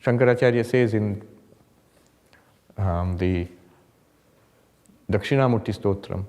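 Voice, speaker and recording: A man's voice: lowish voice, takes it slowly. Man teaching in an echoing hall. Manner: animated storytelling with humor, rising emphasis. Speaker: monk teaching a meditation retreat. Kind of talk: spiritual talk to an audience. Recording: hall with long reverb. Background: audience laughter.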